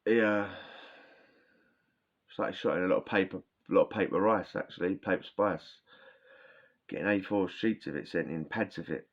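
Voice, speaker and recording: A man's voice: low-pitched, normal speed, long pauses. A man telling prison stories in a rambling, slangy way, often restarting his sentences, with a sore throat. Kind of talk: casual storytelling. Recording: dull lo-fi sound.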